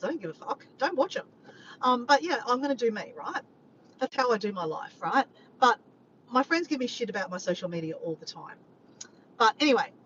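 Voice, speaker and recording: A woman chatting casually to her vlog audience, rambling from point to point and swearing freely. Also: medium pitch. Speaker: vlogger. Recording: dull lo-fi sound with faint background noise.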